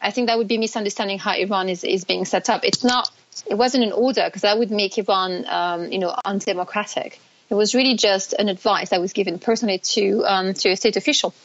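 A woman's voice: mid-range voice, fairly even intonation, a little fast, lo-fi sound, a little hiss or hum. A woman political analyst giving interview answers while losing her voice, rambling and hesitant with many fillers.

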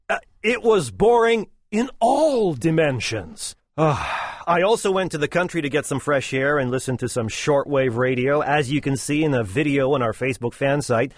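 Sardonic middle-aged radio host. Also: male voice, fairly high pitch, lively intonation, unhurried, no echo, clean studio sound. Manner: sardonic, opinionated. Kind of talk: radio talk show.

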